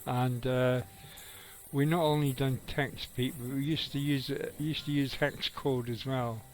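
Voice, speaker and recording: A man's voice: medium pitch, level tone, a little slow, a little hiss or hum, rough recording. A middle-aged man, giving rambling, casual live commentary on his game and chatting with viewers, swearing now and then. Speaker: game streamer.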